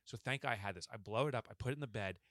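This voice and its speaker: A podcast co-host with a fairly low voice tells a long story in casual chat at a very fast clip, animatedly acting out the lines of the people in it. The studio recording is clean with no echo.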